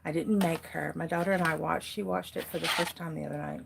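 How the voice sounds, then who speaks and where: A woman in her forties with an American accent, hosting a casual crafting livestream from a dark room at home, chatty and easily distracted, laughing often. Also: sits low, steady tone, fast talker, vocal fry, heavy background noise. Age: 40s. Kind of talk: casual live chat.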